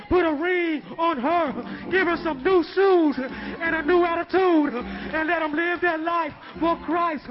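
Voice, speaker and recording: A preacher man with a strikingly high voice, delivering a sermon in rolling, rhythmic call-and-response phrases that swell into shouted refrains. The recording is dull and lo-fi, with music playing clearly underneath.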